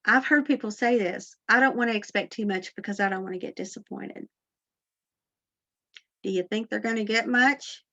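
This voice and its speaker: A woman's voice: mid-range voice, moderate pace, sharp tone, dull audio. A woman giving an inspirational faith talk, earnest and encouraging, often putting questions to her listeners. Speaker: Christian motivational speaker.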